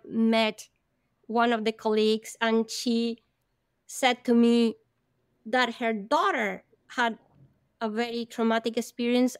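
Woman interview guest, slightly high voice, earnest animated storyteller, dry close sound. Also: clean tone, no echo. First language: Spanish. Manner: animated, earnest, strings clauses with "and then".

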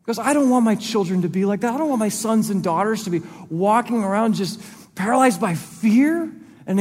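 A man's voice: high voice, darkish tone, husky, in a large hall. A man, a pastor, preaching a sermon in a conversational way, acting out quoted voices as he goes. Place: church sanctuary.

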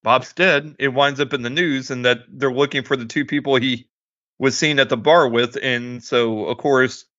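A man co-hosting a relaxed movie podcast, lively and quick to laugh as he acts out bits of scenes. His voice is bright and forceful. The recording is dry and a bit dull in tone. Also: medium pitch, dry recording. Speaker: podcast co-host. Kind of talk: casual movie review chat.

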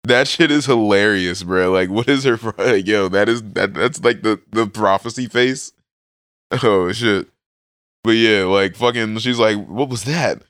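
Podcast co-host, male, low and smooth, loose slangy recap style with quick character voices. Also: fairly bright tone, dry recording, clean studio sound. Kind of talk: casual chat recapping a manga.

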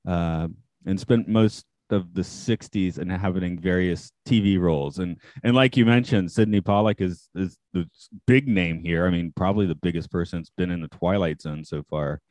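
Podcast host, man, low voice; dry close mic; easygoing, laughs a lot, halting. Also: a little mellow, no echo. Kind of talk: casual podcast chat.

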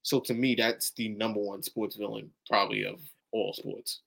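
A man's voice: lowish voice, level tone, normal speed, creaky, a bit bright. A man co-hosting a casual sports podcast, joking and emphatic. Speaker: podcast co-host.

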